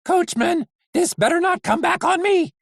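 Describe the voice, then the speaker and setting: A reader voicing a fussy, high-strung male android official who talks high, loud and hurried. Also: expressive, vocal fry, no echo, studio quality, exaggerated voice. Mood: anxious, brisk.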